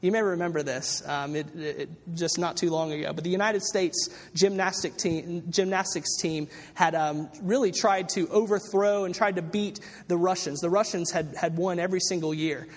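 A man's voice: sits high, normal speed, few pauses. A man preaching a sermon as a pastor, telling a story loosely with many fillers and restarts. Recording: long reverb of a large hall.

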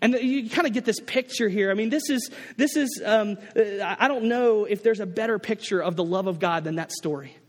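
A man's voice: high voice, a little fast, hardly any pauses, long reverb tail. A man preaching a sermon to his congregation, telling a story with many restarts and acting out the people in it. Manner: storytelling, animated quoted voices, many restarts. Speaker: pastor.

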